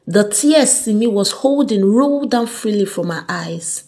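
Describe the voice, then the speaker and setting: A woman's voice: mid-range voice, animated, unhurried, hardly any pauses, warm tone. A woman, narrating a story aloud expressively.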